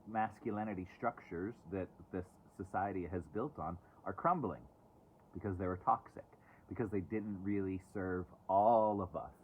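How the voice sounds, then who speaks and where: On a casual live stream, a talkative man with a fairly low voice reads oracle cards and throws in sarcastic remarks. He is outdoors, away from home, speaking into a phone, so the audio sounds thin and tinny like a phone call, with a bit of hiss or hum.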